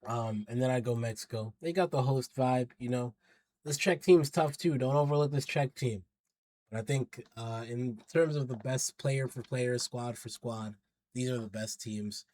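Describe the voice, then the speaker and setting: A man's voice: medium pitch, moderate pace, a little mellow. A man talking through his football predictions in a chatty, slangy way, hyping up teams and hedging his picks as he goes. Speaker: football pundit vlogger. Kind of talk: casual predictions commentary.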